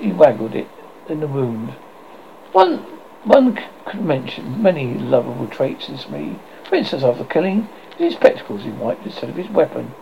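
A man reading a children's classic aloud, halting now and then and restarting lines, on a dull lo-fi recording. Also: mid-range voice, creaky, slight background noise. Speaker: audiobook narrator. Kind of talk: storybook reading.

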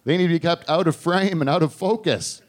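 Man, high voice, crude stand-up comic, deadpan punchlines, live bar stage. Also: a little fast. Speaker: stand-up comedian. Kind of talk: stand-up comedy.

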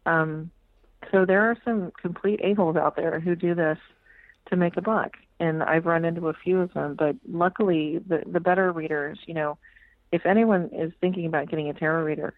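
A woman's voice: on the low side, fairly even intonation, normal speed, dry recording. A woman tarot reader telling stories as a radio guest, frank and swearing freely, acting out the voices she quotes. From United States. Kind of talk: casual storytelling interview. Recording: tinny phone-like radio line.

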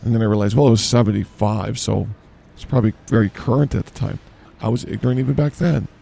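A man co-hosting an improvised comedy podcast in a grocery store, rambling deadpan and trailing off mid-sentence. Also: fairly low pitch, fast talker, gravelly, a little hiss or hum. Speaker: podcast co-host.

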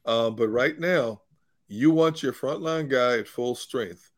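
A man's voice: medium pitch, slow, dry recording, studio quality. A man working as a football reporter and analyst, earnestly explaining and repeating his points on a sports talk show.

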